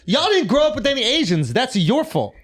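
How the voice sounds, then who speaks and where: High-voiced joking man. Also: huge pitch swings, fairly quick. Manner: loud, joking, laughs often. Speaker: podcast co-host. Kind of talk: casual comedy podcast banter.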